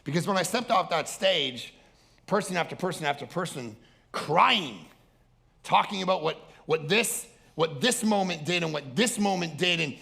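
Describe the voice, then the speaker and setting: A male pastor preaching an energetic sermon, loud and animated, often breaking into acted-out voices. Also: on the high side, moderate pace, vocal fry. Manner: animated, loud, acts out other people's voices.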